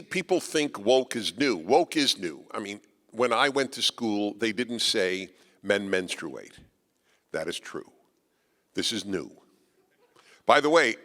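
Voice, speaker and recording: A man giving a speech to a live audience, emphatic and combative with a wry edge, his voice swinging between quiet asides and loud, pointed lines. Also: lowish voice. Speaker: guest speaker. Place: auditorium with an audience. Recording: reverberant hall.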